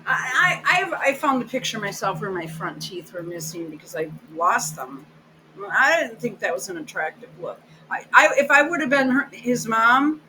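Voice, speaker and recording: A woman's voice: on the high side, big pitch swings, moderate pace, pushed and bright, a little hiss or hum, low-quality recording. A woman giving blunt, sarcastic, profane reaction commentary over video clips as host of her channel.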